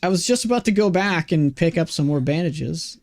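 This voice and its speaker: A man's voice: a little high, lively intonation, normal speed. Chatty Swedish-accented young man streaming. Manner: chatty, self-deprecating, many restarts and fillers. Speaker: game streamer. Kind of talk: casual chat while gaming.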